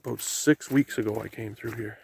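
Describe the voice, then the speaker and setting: This vlog follows a Canadian man making his way downhill through a rainy forest toward the sea, talking loosely to the camera about what he passes. He speaks fairly quickly in a lowish, steady, gravelly voice with a darkish tone; faint rain, waves, and outdoor noise are audible.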